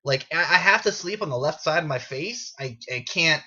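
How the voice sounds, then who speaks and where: A man's voice: a little high, lively intonation, moderate pace, bright, forceful tone, muffled recording. A man telling an unscripted story in a casual, sarcastic way, swearing freely, recorded on a built-in camera mic. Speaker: gaming video creator.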